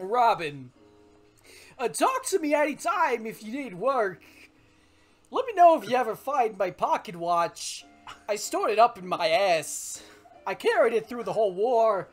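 A man doing a comedic celebrity impression as a male townsman in a video game, with slow, oddly paused delivery. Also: high-pitched, very animated, faint music behind, pitched above the performer's own voice, heavily acted. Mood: deadpan drawl. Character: male townsman NPC, halting Christopher Walken impression. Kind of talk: comedic game let's-play voice acting.

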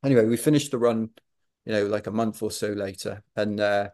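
Low-voiced Welsh man telling a story. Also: brisk. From Wales. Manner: animated, chatty storyteller. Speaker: podcast guest, ultrarunner. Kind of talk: casual interview storytelling.

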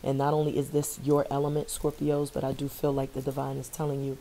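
A middle-aged woman with a low, mellow voice gives a spiritual tarot reading. She stays fairly level and unhurried in pitch, earnest and reassuring, and circles back to repeat key phrases for emphasis. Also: monotone, slight background noise. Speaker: tarot reader.

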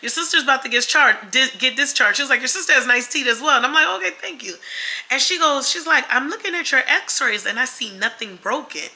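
A young woman tells her viewers a personal story in a relaxed vlog. Her voice is very bright and a bit high. She is animated and keeps acting out the other people's lines. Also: fast, hardly any pauses. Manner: animated, acts out quoted voices, addresses viewers as y'all. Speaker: vlogger.

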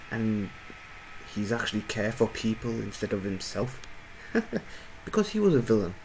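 A man's voice: lowish voice, unhurried, creaky, pauses often, background noise. A man giving casual, effusive reaction commentary as a YouTuber, often repeating his words. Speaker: YouTuber reacting to an anime clip. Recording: loud soundtrack music behind voice.

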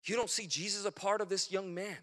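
A man's voice: high-pitched, fairly even intonation, brisk, long reverb tail. A male pastor acting out an elderly compassionate nun during a sermon story. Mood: gentle. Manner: urgent, then softly earnest.

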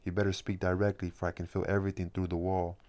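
A man's voice: deep voice, flat delivery, quick pace, a little mellow. A man reading the lines of a restless young male poet in an asylum, speaking in an earnest, pleading way.

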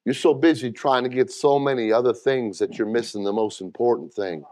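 Speaking a little fast in a medium-pitched, darkish voice, a middle-aged man preaches as pastor, and there's no room sound. He addresses the congregation in plain, direct terms and calls for their responses.

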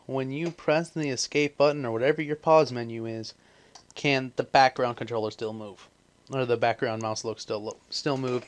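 Man, middelhoge stem, glad en helder; losse, rommelige tutorialuitleg met zelfcorrecties, heeft de hik. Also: medium pitch. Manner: rambling, self-correcting, offhand. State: hiccups. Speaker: tutorial maker. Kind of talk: casual screen-recorded coding tutorial.

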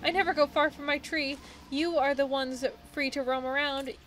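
A woman's voice: sits high, fairly even intonation, moderate pace, fairly bright tone, slight background noise, pitched above the performer's own voice, low-quality recording. Woman doing a rage-torn dryad. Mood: snappish. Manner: swings between hostility and apology. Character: rage-addled female dryad, tree spirit, erratic and snappish. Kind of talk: reading game dialogue aloud.

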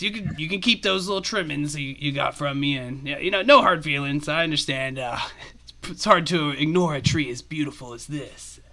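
A man's voice: on the high side, vocal fry, bright, forceful tone, a little hiss or hum, heavily acted. A man voicing a timid male tree spirit who rambles nervously.

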